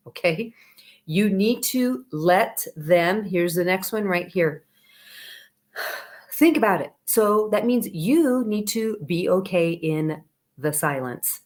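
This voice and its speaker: Chatty, earnest woman coaching parents. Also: mid-range voice. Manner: earnest, chatty, many fillers and check-ins like "okay" and "all right". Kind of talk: live video talk giving parenting advice.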